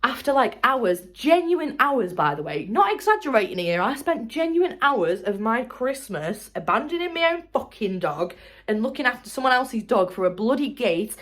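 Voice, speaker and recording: A young woman, telling a story in a chatty, animated, sweary way for her vlog. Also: on the high side, moderate pace. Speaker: vlogger.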